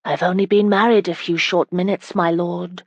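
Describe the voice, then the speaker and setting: A woman's voice: on the low side, steady tone, moderate pace, dry recording, lo-fi sound. A woman reading an audiobook voicing a spirited young noble bride who teases her husband, in a lifted, playful delivery. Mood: teasing.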